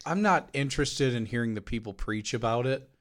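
A young man co-hosting a podcast, quick with teasing jokes and puns in casual talk. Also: medium pitch, fairly bright tone. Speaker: podcast co-host.

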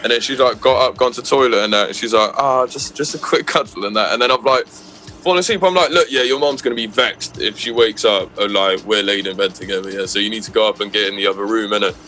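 A man's voice: lowish voice, fast, sharp tone, a little hiss or hum. A man with an English accent telling a casual, slangy, rambling story on a podcast, laughing as he goes. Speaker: podcast co-host.

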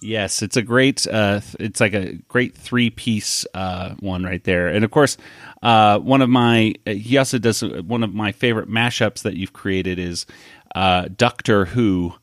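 A man hosting a podcast, chatting casually with a guest, halting and restarting often. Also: lowish voice, dry recording, clean studio sound. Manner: halting, lots of uh fillers and restarts. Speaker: podcast host.

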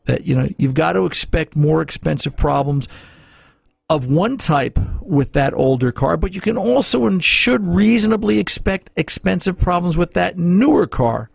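A man's voice: a little high, creaky, slightly rough, no echo, studio quality. A middle-aged man hosting a radio car-repair show, talking casually and rambling with fillers and restarts.

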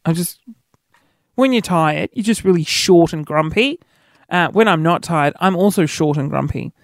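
At a moderate pace, a man chats through everyday anecdotes in a casual monologue, poking fun at himself. He acts out quoted dialogue with pitch jumps, and the recording is dry with clean studio sound.

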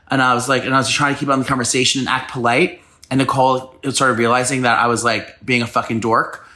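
Casting: male podcast co-host, quick rambling storyteller, bright voice. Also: medium pitch, little pitch movement. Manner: rambling storytelling with lots of swearing and restarts. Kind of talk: casual chat.

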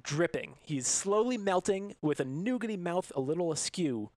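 A man's voice: high-pitched, expressive, normal speed, darkish tone, no echo, clean studio sound. Upbeat man narrating as game master. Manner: upbeat, laughs between descriptions. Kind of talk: narrating a tabletop game on a podcast.

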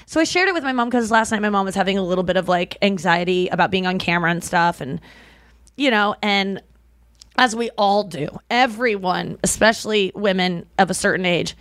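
A woman's voice: mid-range voice, brisk, fairly bright tone, no echo, clean studio sound. A woman co-hosting a podcast, chatting casually and telling stories, acting out the people she quotes. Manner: chatty storyteller who acts out quoted people. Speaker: podcast co-host. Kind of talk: casual chat.

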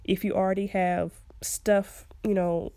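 A young woman hosts a podcast, offering casual advice in a chatty style and laughing often. Her mid-range voice is warm and unhurried with little pitch movement, recorded with no room sound.

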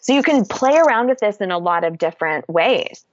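A woman's voice: mid-range voice, lively intonation, fairly quick, no echo, lo-fi sound. A woman speaking candidly in a casual podcast conversation, explaining ideas and swearing freely.

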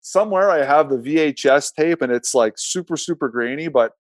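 A man's voice: a little high, brisk, no room sound. Man with a dry close voice, rambling story. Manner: rambling, self-correcting, laughing at himself. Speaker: former pro hockey goalie telling a story. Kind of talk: casual storytelling.

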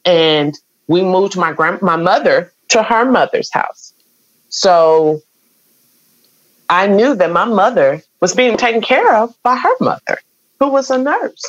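A woman's voice: mid-range voice, expressive, slow, no room sound, lo-fi sound. A middle-aged woman, earnestly telling an emotional personal story as an interview guest. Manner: emotional, earnest, acts out quoted voices.

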